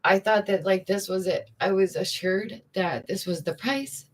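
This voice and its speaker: A woman's voice: mid-range voice, a little slow. A young woman, a streamer and art teacher, chatting casually to her viewers, laughing often and greeting them directly. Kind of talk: casual livestream chat. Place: indoors at home.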